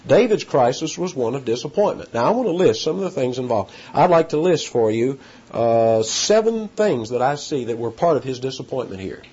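A man preaching a sermon with animated delivery, his pitch jumping up for emphasis, with halting restarts. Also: breathy edge. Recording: dull lo-fi sound.

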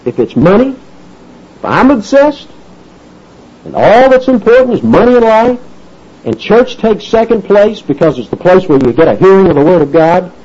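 A husky, mellow-toned man with a drawl preaches with a folksy, animated delivery and acts out the people in his story. His pitch rises and falls a lot. The recording sounds dull and lo-fi. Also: moderate pace. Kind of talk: sermon.

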